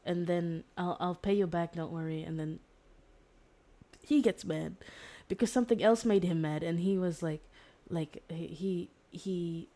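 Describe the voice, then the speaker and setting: A woman's voice: fairly low pitch, a little slow, warm tone. A woman streamer casually retelling a story, rambling with fillers and restarts and acting out the quoted lines.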